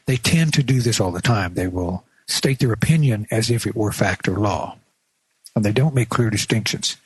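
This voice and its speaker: A man presenting an instructional radio segment, plain-spoken and measured, with small restarts as he explains. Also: fairly low pitch, breathy edge, dry recording. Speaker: radio show presenter teaching.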